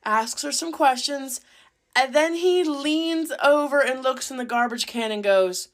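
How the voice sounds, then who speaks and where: Casual, lively woman storyteller, slightly high voice, cheeky and salty. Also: unhurried. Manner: lively, cheeky, swears freely. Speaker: caregiver.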